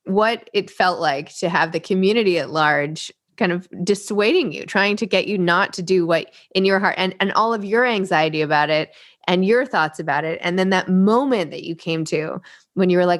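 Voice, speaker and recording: A woman's voice: on the low side, normal speed. A woman hosting an interview, asking long, rambling questions and gushing about how much she loved the book. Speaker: podcast host.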